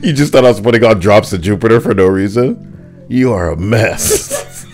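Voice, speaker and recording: Male comedy commentary host, low but animated voice, dry sarcastic wit. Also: normal speed, soft background music. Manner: sarcastic, jokey, laughs often.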